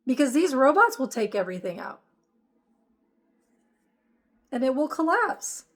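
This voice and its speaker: A woman's voice: sits high, sing-song, fairly quick. A woman giving an emphatic, repetitive spiritual monologue as host of her channel.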